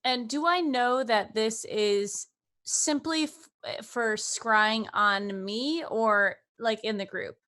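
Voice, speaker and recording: A woman's voice: a little high, takes it slowly, fairly bright tone. Woman player thinking aloud. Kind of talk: casual tabletop game chat.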